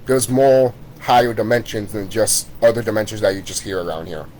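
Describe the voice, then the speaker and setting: A man's voice: on the low side, fairly even intonation, a little fast, darkish tone, a little hiss or hum, rough recording. A man in a vlog, ranting to his viewers, heated and repetitive, swearing often. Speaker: vlogger. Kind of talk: profane spiritual rant to camera.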